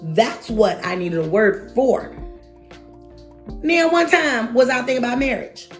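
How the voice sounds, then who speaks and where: A woman in her thirties, telling a personal story to camera in a lively, expressive way and acting out what people said. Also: a little high, unhurried, faint music behind. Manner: animated, expressive, acts out quotes with exaggerated reactions.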